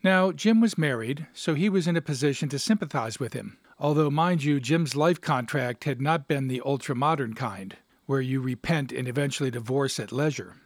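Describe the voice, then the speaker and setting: Measured male story reader, dry sound. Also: medium pitch, no room sound. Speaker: narrator and host. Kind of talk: reading a short story aloud.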